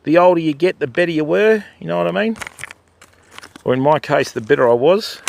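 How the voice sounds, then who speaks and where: Gravelly older man chatting. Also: fairly high pitch, background noise. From Australia. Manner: chatty, greets viewers by name. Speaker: fishing livestream host. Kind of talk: casual livestream chat. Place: outdoors by a river.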